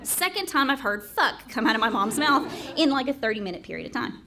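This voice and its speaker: Animated woman telling a story live. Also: high voice, brisk, crowd noise. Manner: animated, laughs between lines, swears freely.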